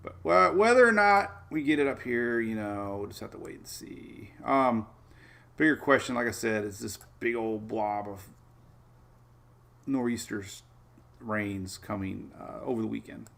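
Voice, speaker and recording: A man with a lowish voice and vocal fry hosts an informal live weather show at a measured pace, wandering through the maps with excited side comments.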